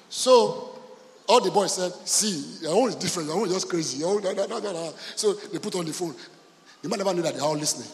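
A pastor with a high-pitched voice preaches a sermon in a big, echoing church hall. He tells stories and acts out the voices in them, dropping to soft, intimate lines and then rising to loud shouts. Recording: long hall reverb.

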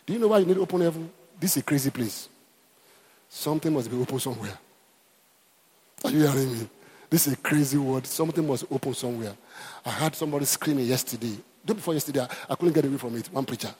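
Pastor preaching hard, repeats himself, husky, big echoey church sound. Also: male voice, medium pitch, quick pace, darkish tone. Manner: emphatic with repetitions and calls to the congregation. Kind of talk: sermon.

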